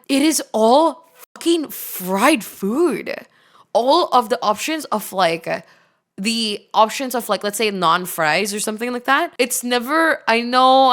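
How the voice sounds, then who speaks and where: A young woman streamer chatting casually, excitable and quick to outrage, swearing freely as she reacts. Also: medium pitch.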